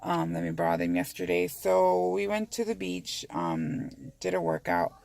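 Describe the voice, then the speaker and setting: A woman's voice: lowish voice, expressive, moderate pace, creaky, a little mellow. A woman vlogging from inside her car in a rambling, candid way, swearing freely as she talks. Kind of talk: casual chat to camera.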